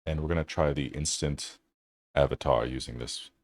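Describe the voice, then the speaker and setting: A man's voice: extremely low pitch, steady tone, normal speed. A man hosting a tech channel, giving loose, casual commentary over his screen and thinking aloud with fillers.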